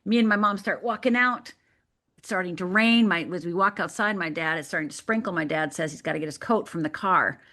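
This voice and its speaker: This is a woman from Michigan, a guest life coach on a radio show, who tells a personal story with vivid drama. She acts out the voices of the people in it as she goes. Her voice sits at a middle pitch for a woman. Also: sharp tone.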